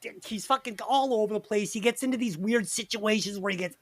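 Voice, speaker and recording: A man hosting a podcast and running a quiz, talking in a profane, animated way. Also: sits high, fairly quick, no echo. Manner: animated, profane, quizzing the others. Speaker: podcast host. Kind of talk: casual chat.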